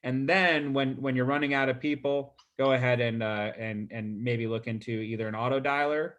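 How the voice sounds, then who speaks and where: A man's voice: medium pitch, steady tone, moderate pace, fairly bright tone, lo-fi sound. A man coaching real estate agents on a group video call, talking loosely with lots of fillers and repeated words.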